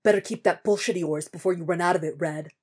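A woman voicing a gruff middle-aged male ex-Marine vigilante who talks in short, blunt, profane lines. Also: fairly low pitch, fast talker, darkish tone. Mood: angry.

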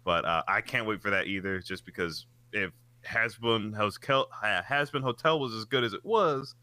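A man co-hosting a casual podcast chat, animated and swearing freely, his voice jumping up when he gets excited. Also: fairly low pitch, normal speed, dry recording. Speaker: podcast co-host.

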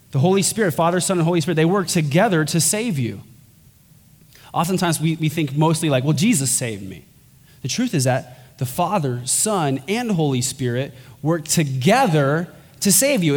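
A pastor preaching a sermon, earnest and emphatic, his voice climbing higher on key points. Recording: long hall reverb with faint music.

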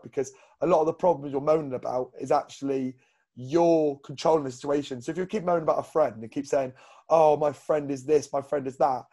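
A man's voice: on the high side, dark tone. A man co-hosting a casual fitness podcast as a coach, blunt and rambling with lots of fillers.

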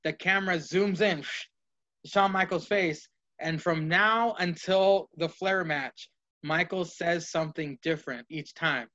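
This co-host's voice is fairly high, pushed and bright, moving at a measured pace. In casual, profane wrestling talk, he rambles through fantasy booking and performs the wrestlers' lines, recorded on dull lo-fi podcast audio.

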